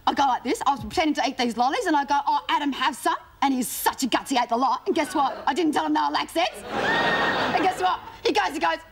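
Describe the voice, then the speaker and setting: A woman's voice: high voice, quick pace, gravelly. A woman with an Australian accent playing a whiny, gossipy suburban schoolgirl in a comedy sketch, with a sing-song, breathless way of talking. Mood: whiny gossiping. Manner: sing-song, breathless, exaggerated teen complaints. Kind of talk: sketch comedy monologue before live audience. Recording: loud audience laughter and noise. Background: audience laughing.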